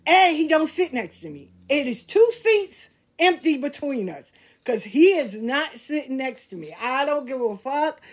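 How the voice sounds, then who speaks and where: An older woman tells casual, animated stories, blunt, profane and laughing at herself. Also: sits high, measured pace. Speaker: host. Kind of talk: casual storytelling monologue.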